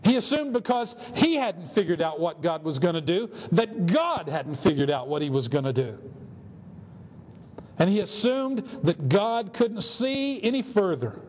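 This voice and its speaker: A man's voice: high-pitched, very animated, measured pace, a little mellow. A man pastor preaching a sermon, telling a story earnestly with rhetorical questions. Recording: long hall reverb, faint ambience.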